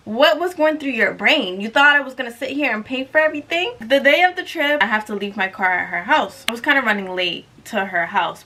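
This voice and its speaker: A young woman telling a storytime vlog in an animated, sassy way with mocking asides. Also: a little high. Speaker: YouTuber.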